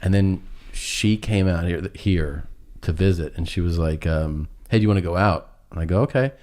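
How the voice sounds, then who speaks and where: A middle-aged man telling a long, funny personal story on a podcast. He laughs through it and pauses often. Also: low-pitched, a little mellow. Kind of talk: casual storytelling chat.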